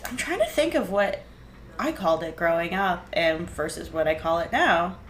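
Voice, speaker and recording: A young woman co-hosts a casual podcast, rambling in an animated, slangy way. Her voice sits a little low. The room echoes noticeably, with a faint hiss underneath. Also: normal speed. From New England. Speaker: podcast co-host. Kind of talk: casual chat.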